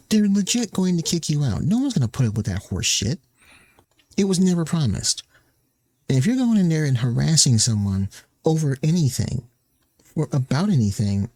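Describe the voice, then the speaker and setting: A man's voice: a little high, warm tone, dry recording. Angry man ranting, dry close sound. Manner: heated, swearing, mocking quotes. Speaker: streamer. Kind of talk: angry commentary rant.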